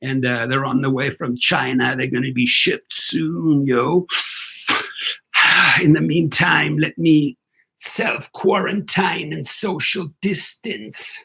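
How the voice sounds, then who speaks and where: A man's voice: a little high, steady tone, slow, creaky, pushed and bright, slightly rough, exaggerated voice. A man voicing a smug male rideshare executive in a lazy, drawling mock voice. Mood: dismissive.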